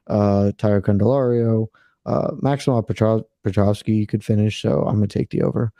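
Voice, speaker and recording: A man chatting casually as a panelist, measured and thinking aloud as he talks. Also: fairly low pitch, fairly even intonation, warm tone, no room sound, clean studio sound.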